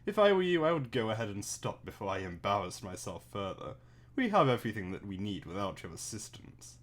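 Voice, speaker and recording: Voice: sits low, sing-song, brisk. A co-reader on a stream voicing a comic character in a fancy, posh, condescending voice. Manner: haughty, condescending delivery when reading the character. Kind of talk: casual read-aloud, posh put-on voice for one character.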